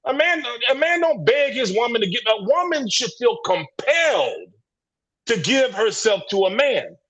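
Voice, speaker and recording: Very high-pitched with big swings in pitch, a slightly bright man's voice comes through lo-fi sound at normal speed on a livestream video call. He is a panelist in a passionate men's discussion group, preaching emphatically and repeatedly restarting his sentences and doubling words.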